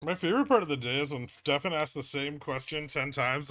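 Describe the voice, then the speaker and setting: A man's voice: fairly high pitch, a little fast, a bit bright, no room sound, clean studio sound. A man hosting a livestream, casually commenting on trades as he reacts to the charts and swears now and then. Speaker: livestream host trading stocks.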